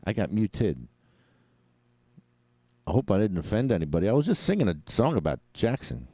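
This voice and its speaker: Lively low-voiced man rambling at home. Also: normal speed, dry recording. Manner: rambling, joking, talks to himself. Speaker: meeting attendee on live stream. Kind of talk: casual live-stream chat.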